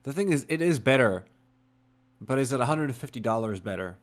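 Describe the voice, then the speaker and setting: A man's voice: medium pitch, lively intonation, brisk. A man co-hosting a games podcast in casual chat, easygoing and wry, often tagging his points with "you know". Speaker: podcast co-host.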